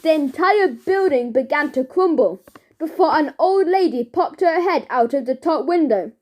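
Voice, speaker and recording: A woman narrating a children's storybook in an expressive, deliberate way. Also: high voice. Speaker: audiobook narrator.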